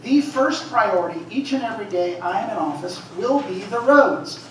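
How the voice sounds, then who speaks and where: A male candidate speaks forcefully and builds his answer toward firm, pointed declarations. He sounds distant from the microphone, and the room echoes heavily. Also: high-pitched, expressive, normal speed, slight background noise. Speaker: political candidate. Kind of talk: forum answer. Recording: echoey hall, voice from far off.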